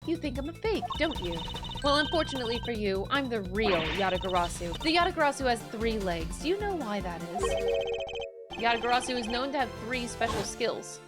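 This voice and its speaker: A woman reading the lines of a smug female thief revealing herself, in a calm, taunting way, with game music behind. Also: on the high side, a little fast, natural voice.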